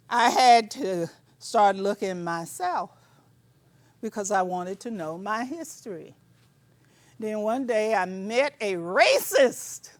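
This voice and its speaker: A woman's voice: fairly high pitch, no echo. Emphatic older woman lecturing, preacherly. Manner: preacherly, emphatic, sometimes shouting; conversational asides, colloquial. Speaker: speaker.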